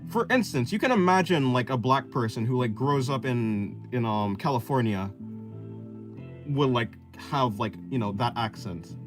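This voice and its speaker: A young man with an American accent talks loosely while he draws. His pitch rises and falls a lot as he wanders through long explanations full of fillers and restarts. Plucked guitar music plays clearly behind him. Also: expressive, normal speed. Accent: General American. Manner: rambling, many "like" fillers and restarts, explaining at length. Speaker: art streamer. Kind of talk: casual chat while drawing.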